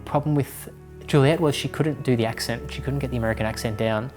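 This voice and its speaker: A man's voice: mid-range voice, quick pace, darkish tone, faint music behind. A man who directed the film, looking back candidly on casting in a documentary interview. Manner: reflective, candid recollection.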